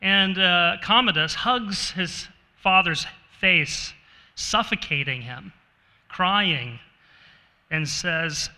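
A pastor delivers a conversational sermon at an unhurried pace, putting questions to the congregation. His voice is strikingly bright and a bit high, echoing through a reverberant church hall.

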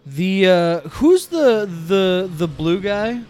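A man's voice: high voice, very animated, slow, darkish tone. A man co-hosting a casual movie podcast, upbeat and leading the segments. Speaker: podcast co-host.

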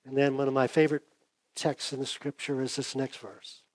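A man preaching a sermon, conversational, acting out the dialogue with big swings from loud to hushed, and losing his voice. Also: mid-range voice, level tone, moderate pace. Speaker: pastor.

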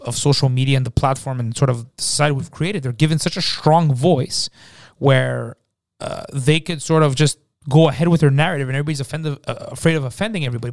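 Fast-talking man telling a story. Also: a little high, no room sound, clean studio sound. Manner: rapid storytelling, acting out quoted people, frequent swearing. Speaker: podcast co-host. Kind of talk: casual podcast chat.

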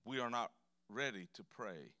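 A man's voice: lowish voice, lively intonation, normal speed, pushed and bright, no room sound, studio quality. A man preaching a sermon in a church, telling folksy, joking stories. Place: church sanctuary.

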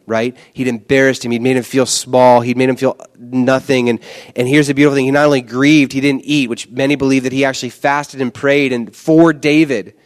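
A man's voice: medium pitch, level tone, fairly quick. A male pastor delivering a conversational, emphatic sermon and often repeating words for stress.

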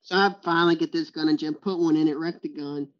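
A man's voice: a little high, fairly even intonation, fast talker, a bit bright. Guy spinning wild hunting yarns on a podcast, laughs a lot, acts out the quotes, kinda muffled lo-fi sound. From Texas. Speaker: podcast guest, hog hunting outfitter. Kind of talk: storytelling in a podcast interview. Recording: muffled lo-fi recording.

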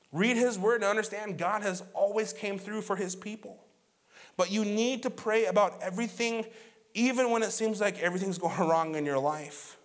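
A pastor preaching a conversational sermon, telling a personal story and moving between loud emphatic lines and quiet hushed ones. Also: male voice, sits high.

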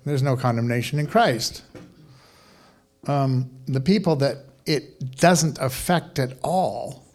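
A man pastor preaching a sermon in a conversational, animated way, with casual asides and questions to the congregation. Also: medium pitch, takes it slowly.

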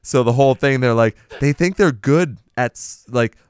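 A man's voice: medium pitch, normal speed, a little mellow, clear, resonant tone, no room sound, studio quality. A man co-hosting a casual podcast chat, blunt and profane, laughing often. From Boston area. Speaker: podcast co-host.

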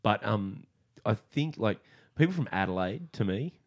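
An Australian podcast host with a very deep, low voice who grew up out in the country. He trades chatty anecdotes with his guest and laughs easily. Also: very animated, moderate pace. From rural Australia. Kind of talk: casual chat.

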